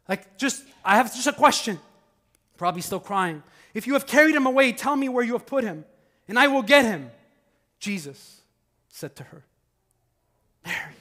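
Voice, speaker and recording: A male pastor preaching a sermon in a conversational, animated way, swinging from loud emphasis to hushed passages. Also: high-pitched.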